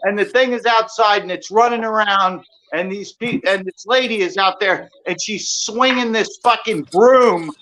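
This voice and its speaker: A man on a casual call, telling a heated story in profane, worked-up bursts with loud shouted quotes. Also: high voice, moderate pace, hardly any pauses. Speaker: call-in guest.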